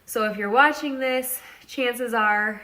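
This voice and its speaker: A woman's voice: fairly high pitch, slow pace, pushed and bright. A woman who owns a hair salon, chatting casually to her viewers in a gushing, emotional way with lots of fillers, recorded in her salon. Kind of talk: casual vlog chat.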